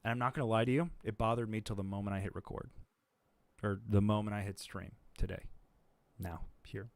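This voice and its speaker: A man's voice: fairly low pitch, fairly even intonation, brisk, no echo. Rambling streamer man, dry close sound. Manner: rambling, filler-heavy, thinking aloud. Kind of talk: casual chat.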